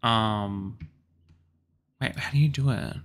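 Gravelly-voiced Australian man, chatty. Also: lowish voice, takes it slowly. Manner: chatty and excitable, apologetic asides. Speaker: YouTuber building houses in a life-sim game. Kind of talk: casual gameplay commentary.

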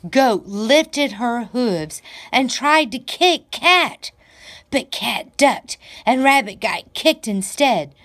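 A woman, a library director, reading a children's story aloud in a slow, deliberate storytelling manner. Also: a little high, a bit bright.

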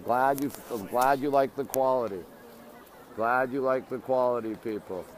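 A Canadian man, phone in hand, hosts a live stream outdoors on monument steps in a busy city, greeting viewers and reading comments aloud in chatty bits. He talks at normal speed in a medium pitch, and a little hiss or hum can be heard.

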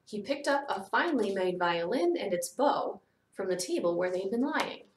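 A woman narrating a children's novel aloud, in steady storytelling that softens to near whispers. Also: mid-range voice, moderate pace, a little hiss or hum. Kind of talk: children's book read-aloud. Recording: echoey room, distant mic.

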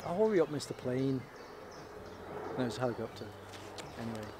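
A man talks through a piece of gear in a loose, rambling way, stumbling over repeated words as he goes. His voice sits at an ordinary middle pitch. He is recording outdoors with light background noise. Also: lively intonation, brisk. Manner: chatty, rambling, repeats words when restarting. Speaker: gear reviewer and brand ambassador. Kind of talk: casual product review to camera.

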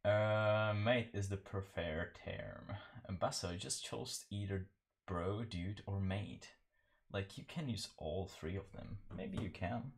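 A man's voice: fairly low pitch, takes it slowly, husky. A man chatting casually while painting on a live stream, rambling and self-deprecating, laughing often.

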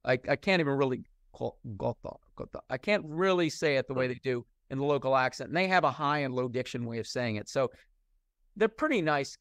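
A man's voice: a little high, a bit bright, clean tone, dry recording, studio quality. A middle-aged man from the United States, a professor answering interview questions in a discursive, candid way and often restarting his sentences.

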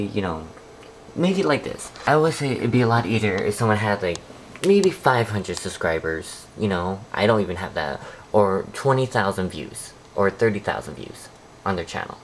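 A man chatting to his camera for a daily vlog, rambling and complaining, with bursts of excitement. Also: on the low side, moderate pace, a little hiss or hum. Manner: rambling, talks to camera, drifts between mumbling and excited outbursts. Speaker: vlogger. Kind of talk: casual vlog chat. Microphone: handheld camera.

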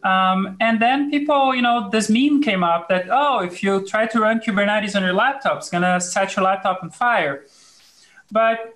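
A woman's voice: medium pitch, a bit bright, poor audio. A woman who is a guest on an online panel, giving a casual technical explanation in a loose, hesitant way with many fillers. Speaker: panel guest, conference speaker. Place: remote video call.

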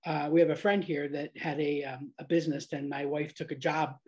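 A woman's voice: low-pitched, level tone, a little fast, a little mellow. A woman from Florida in her fifties with an American accent, hosting a podcast in a chatty way, laughing often. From Florida, USA. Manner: chatty and laughing, with many restarts. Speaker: podcast host. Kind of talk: casual interview chat.

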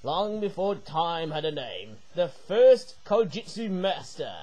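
A man voicing a wise old male penguin sensei, speaking in a slow, hushed and solemn storytelling way. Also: fairly high pitch, sing-song, heavily acted.

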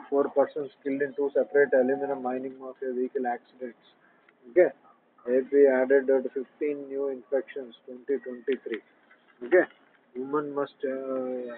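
A man in a rambling, angry monologue, reading out news headlines and punctuating them with "huh?" and "okay?". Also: medium pitch. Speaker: channel host. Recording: tinny phone-like audio with faint noise.

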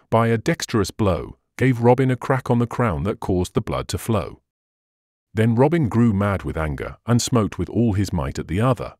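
A man narrating a classic adventure tale as an audiobook reader, expressive and steady. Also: lowish voice, no echo, clean studio sound. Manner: expressive storytelling. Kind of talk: scripted narration.

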